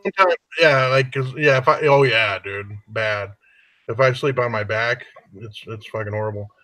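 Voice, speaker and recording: A man's voice: medium pitch, moderate pace, over music, rough recording. A man co-hosting a podcast, laid-back and laughing easily as he swears through casual stories. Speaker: podcast co-host. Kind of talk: casual crude banter.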